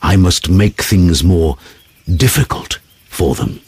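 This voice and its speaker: A man's voice: low-pitched, darkish tone, breathy edge, heavily acted. Prospero, a man playing a stern old magician. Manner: slow, commanding. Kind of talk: storybook reading.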